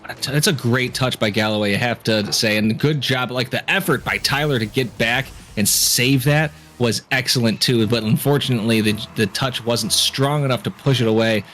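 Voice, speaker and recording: Male color caster, mid pitch, relaxed and rambling, faint background noise. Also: moderate pace, few pauses. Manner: relaxed, rambling analysis with restarts. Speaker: color commentator. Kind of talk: esports commentary.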